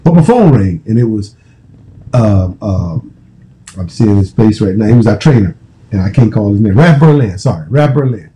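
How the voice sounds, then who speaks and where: Man in his fifties, american, former football player, casual profane storytelling, very dark voice. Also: fairly low pitch, lively intonation, moderate pace, poor audio. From United States. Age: 50s. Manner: profane, repetitive, restarting phrases.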